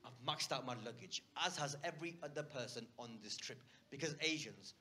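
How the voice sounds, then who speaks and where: A man doing stand-up, telling a story and acting out a shouting argument. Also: medium pitch, lively intonation, brisk. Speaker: stand-up comedian. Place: comedy stage before a live audience.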